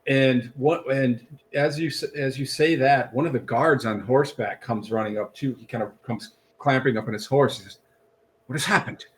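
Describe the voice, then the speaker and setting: A man's voice: medium pitch, normal speed, hardly any pauses, slight background noise. Rambling male game master. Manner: rambling, many restarts and fillers. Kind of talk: narrating a tabletop game.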